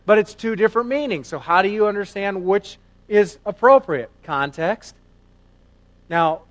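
Middle-aged male pastor, preaches conversationally with lively rhetorical questions, a touch high-pitched. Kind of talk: sermon.

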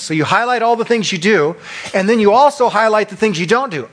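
A man preaching a sermon as pastor, acting out quick voices of the accuser and of self-righteous churchgoers. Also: sits high. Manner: acts out voices of Satan and churchgoers, animated.

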